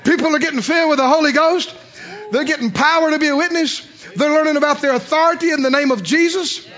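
High-voiced guy preaching, lively, hollers sometimes, muffled old recording. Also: fast talker. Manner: emphatic, rising to hollering. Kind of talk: sermon. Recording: dull lo-fi recording.

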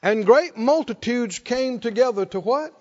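A middle-aged man preaches a call-and-response sermon with a high-pitched voice for a man. He draws out key words and prompts the congregation to answer. The sound is dull and muffled, with a long reverb from a large hall. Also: expressive, unhurried. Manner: emphatic, drawing out key words and prompting the crowd. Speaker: pastor.

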